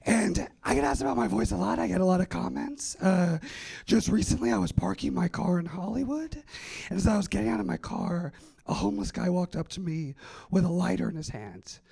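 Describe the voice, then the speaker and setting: A man doing a stand-up set on a festival stage, with a raspy, gravelly voice and a dry, self-deprecating delivery. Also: high-pitched, lively intonation, a little fast, mellow. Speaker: stand-up comedian.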